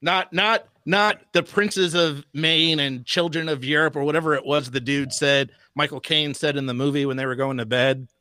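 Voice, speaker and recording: A man's voice: on the high side, fairly even intonation, normal speed, few pauses, bright, forceful tone, no echo, studio quality. A man in casual podcast chat, joking and hesitant, full of fillers. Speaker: podcast co-host.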